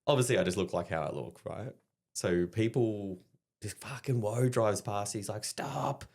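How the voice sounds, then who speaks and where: An Australian man with a somewhat low voice tells his stories with lots of swearing and bursts of laughter. He sounds like a comedian and ex-soldier chatting into a podcast mic. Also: normal speed. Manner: animated, profane, laughs through his anecdotes. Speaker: guest, stand-up comedian and army veteran. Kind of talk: casual podcast storytelling.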